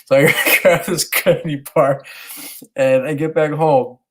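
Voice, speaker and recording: A man in his thirties, a podcast co-host, telling a rambling and animated story in casual chat with some swearing. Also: on the high side, unhurried, low-quality recording. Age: 30s.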